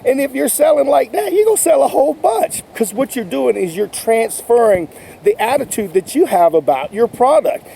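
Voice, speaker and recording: Animated, gravelly-voiced enthusiastic man. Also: extremely high pitch, moderate pace, slight background noise, poor audio. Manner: enthusiastic, folksy, repeats phrases. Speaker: sales coach. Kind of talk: motivational talk to camera.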